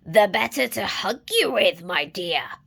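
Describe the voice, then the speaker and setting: A sly, hungry storybook wolf growls and croaks his lines with false sweetness, as a woman reads him aloud. The voice is bright and lively, drawn out slowly. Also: medium pitch, exaggerated voice. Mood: mock-sweet. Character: sly hungry male wolf, big furry, menacing.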